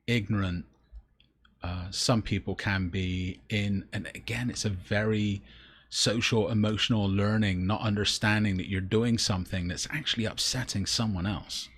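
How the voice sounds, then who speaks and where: A man's voice: lowish voice, breathy edge. A man from Bristol, England, a teacher co-hosting a podcast, telling stories in a reflective, casual way. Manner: storytelling, reflective, with restarts and fillers. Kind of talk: casual chat.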